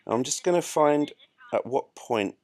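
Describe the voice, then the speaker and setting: A man's voice: a little high, animated, a little slow, darkish tone, no room sound. A man giving chatty, self-mocking live commentary while he plays a space game. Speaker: gameplay streamer.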